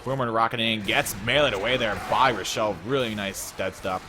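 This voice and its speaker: Young man, low-pitched, rapid-fire esports play-by-play, noisy mic. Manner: rapid play-by-play, laughs easily. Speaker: esports caster. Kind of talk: live game commentary.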